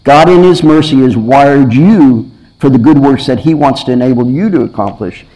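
A man's voice: mid-range voice, moderate pace, dark tone, low-quality recording. Earnest male preacher, questioning. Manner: earnest, questioning, repeats and restarts phrases. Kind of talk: sermon.

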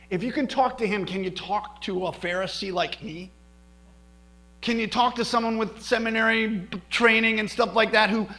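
A middle-aged male pastor telling a personal story in a sermon, animated, with many restarts. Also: sits high, rough recording. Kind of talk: sermon testimony.

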